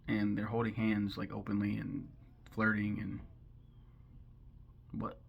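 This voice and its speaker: A man's voice: lowish voice, monotone, measured pace, creaky, breathy edge, dull audio. A man giving a casual, rambling film recap, sarcastic and swearing freely as he goes. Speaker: film commentary host.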